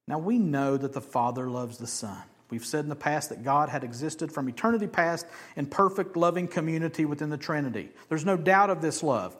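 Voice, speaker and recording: A man preaching a sermon, shifting between hushed, slow emphasis and loud, high declarations, with casual jokey asides. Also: expressive. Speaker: pastor.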